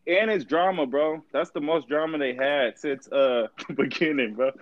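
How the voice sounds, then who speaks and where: A man's voice: on the high side, normal speed, no room sound, highs cut off. A young man in casual chat with friends, slangy and rambling, saying bro a lot.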